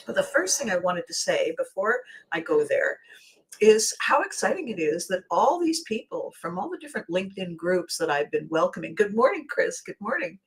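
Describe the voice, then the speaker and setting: A woman's voice: lowish voice, poor audio. Chatty woman host who laughs easily. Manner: chatty, laughs often, restarts sentences. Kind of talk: casual livestream chat.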